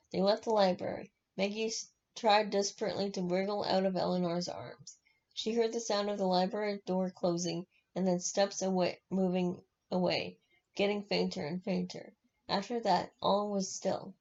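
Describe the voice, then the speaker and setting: Woman reader, novel read aloud; gravelly, mellow tone, frequent self-corrections, dull lo-fi sound. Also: medium pitch, steady tone, moderate pace. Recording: dull lo-fi recording.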